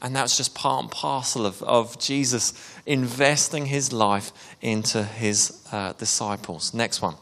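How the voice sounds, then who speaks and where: A man gives a church sermon in an easy, chatty manner, often breaking off with fillers and animated asides. His voice is bright and forceful. It rings with the long reverb of a church hall. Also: medium pitch, a little slow. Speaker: preacher.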